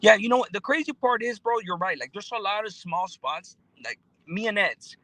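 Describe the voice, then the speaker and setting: A man's voice: high voice, expressive, moderate pace, sharp tone, dry recording, low-quality recording. A man, chatting casually on a livestream as he reads and answers viewer comments, laid-back and full of slang and fillers. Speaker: YouTuber reading live chat.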